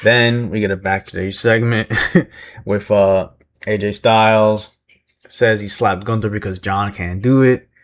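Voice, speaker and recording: A man's voice: on the low side, fairly even intonation, unhurried. A man casually recapping a wrestling show, rambling with lots of fillers, chuckling and joking about himself. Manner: rambling, self-deprecating, many fillers and chuckles.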